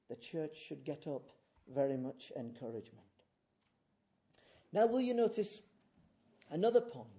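A man preaching a sermon. He swings from hushed, near-whispered lines to loud, emphatic declamation. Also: fairly high pitch.

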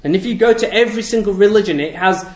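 A man's voice: high-pitched, fast talker. A man preaching a sermon to a congregation, asking rhetorical questions and repeating key phrases for emphasis. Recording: echoey room.

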